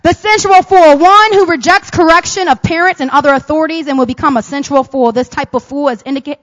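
A high-pitched woman preaches to a congregation, her voice carrying a long reverb through a large hall. She swings from loud, punchy emphasis to soft, quiet asides. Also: fast. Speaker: pastor. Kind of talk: sermon.

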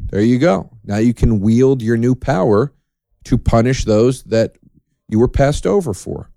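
A man hosting a solo podcast, talking in a profane, sardonic, rambling way with dark jokes. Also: mid-range voice, animated, a little slow, vocal fry, no room sound. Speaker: podcast host.

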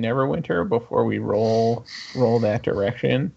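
A man playing in a tabletop game, talking casually and haltingly with many restarts. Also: on the low side, steady tone, muffled recording. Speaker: player. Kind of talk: casual game-night banter.

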